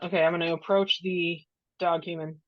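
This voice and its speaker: Brief: woman player, lowish voice, dry and lo-fi, chatty with fillers. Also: flat delivery, moderate pace. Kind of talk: casual tabletop play.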